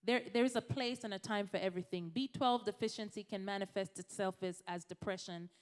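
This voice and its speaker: A woman's voice: mid-range voice, fairly quick, clean tone, long reverb tail. A woman from Jamaica, a physician giving a conversational health talk to a church congregation, addressing the audience directly. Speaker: physician speaker.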